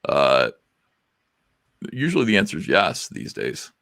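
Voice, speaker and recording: A man's voice: rumbling low, wildly swooping pitch, unhurried, creaky, fairly bright tone, no echo, studio quality. A man hosting a casual livestream talk show, rambling through crude, self-mocking stories. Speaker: podcast host.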